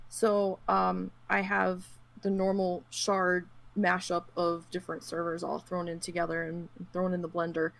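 A woman chatting casually about gaming, telling her stories with animated quotes and a lot of fillers. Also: on the low side, measured pace, vocal fry, few pauses. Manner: animated storyteller who acts out quotes; frequent fillers and laughs.

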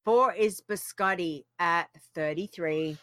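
A woman's voice: on the low side, slow pace, fairly bright tone, no echo, studio quality. A woman co-hosting a casual podcast, chatty and teasing. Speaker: co-host.

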